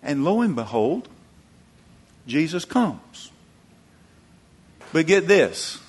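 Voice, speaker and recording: A man preaching a sermon, acting out quoted voices and moving between loud emphatic peaks and low quiet asides. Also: big pitch swings, drawn-out words, breathy edge. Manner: acts out quoted voices, chuckles. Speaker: pastor.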